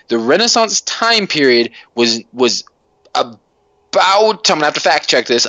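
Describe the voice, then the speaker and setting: A man's voice: high-pitched, bright, forceful tone, no room sound, muffled recording. A man hosting a podcast, ranting in a casual, profane way with lots of emphatic restarts. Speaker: podcast host.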